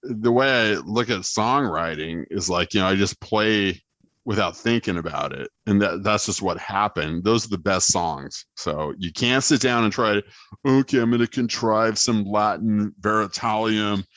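A man's voice: sits low, lively intonation, normal speed, fairly bright tone, dry recording. A man in a casual interview about songwriting, rambling and joking with lots of fillers, from Texas. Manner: rambling, jokey, many fillers. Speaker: guitarist and songwriter being interviewed. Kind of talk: casual chat.

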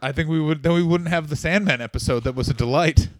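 Male comedy podcaster, wry storyteller, slightly high voice, dry close mic. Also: fast, dry recording. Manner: wry, storytelling, joking asides. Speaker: podcast co-host.

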